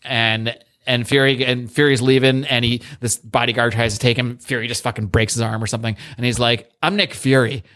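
A man's voice: mid-range voice, little pitch movement, brisk, bright, forceful tone. A man co-hosting a podcast, giving rambling, opinionated takes in casual chat, swearing freely and often restarting his sentences. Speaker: podcast co-host. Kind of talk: casual chat reviewing a TV show.

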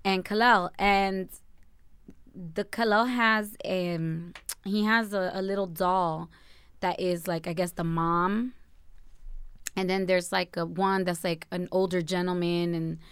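Bright, crisp woman telling a story. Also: fairly low pitch, slow, no room sound. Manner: animated storytelling, many fillers, acts out quotes. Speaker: podcast co-host telling a story. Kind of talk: casual chat.

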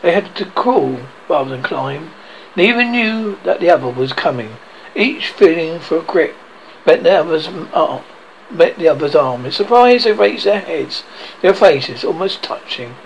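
A man reads a storybook aloud in a gravelly, fairly high voice that rises and falls a lot. He trips over words and goes back to fix them. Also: animated, a little slow, slight background noise, low-quality recording. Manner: stumbles and corrects himself often. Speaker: reader.

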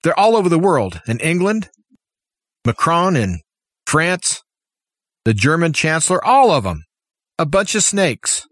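A man's voice: fairly high pitch, big pitch swings, a little slow, pauses often, fairly bright tone, dry recording, studio quality. Impassioned man ranting politics. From United States. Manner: impassioned, opinionated, full of rhetorical questions. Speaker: talk show host. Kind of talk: political commentary monologue.

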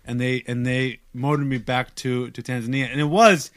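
A young man casually telling a long story on a podcast, animated and self-mocking, stumbling over restarts. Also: medium pitch, normal speed.

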